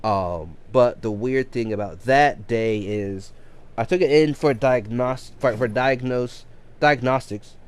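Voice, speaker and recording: A man's voice: medium pitch, slow pace, clean tone. A man casually telling a long story on a game livestream, rambling with many restarts and self-corrections. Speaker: game streamer.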